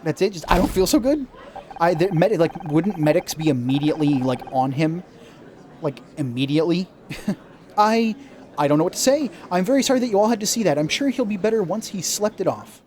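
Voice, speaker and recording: A man's voice: fairly high pitch, brisk. A man hosting a let's-play, chatting casually with lots of laughter and self-mocking asides. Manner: giggly, animated, self-mocking. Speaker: gaming channel host.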